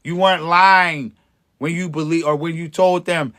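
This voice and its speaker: A man's voice: a little high, steady tone, moderate pace, pushed and bright. A man, hosting a livestream as an empowerment coach, talking to viewers in a preachy, encouraging way with slang and frequent chuckles. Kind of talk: livestream motivational talk to viewers.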